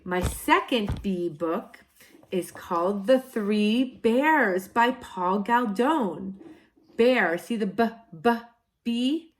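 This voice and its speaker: Slow sing-song woman teacher reading aloud. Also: mid-range voice, expressive. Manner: slow, sing-song, exaggerated storybook delivery with playful asides. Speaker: kindergarten teacher. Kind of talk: reading picture books aloud to young children.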